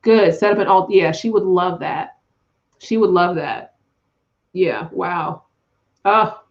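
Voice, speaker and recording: A woman's voice: fairly low pitch, takes it slowly, long pauses, muffled recording. A woman hosting a live tarot reading, talking in an effusive, emotional, spiritual way with frequent laughs and sighs.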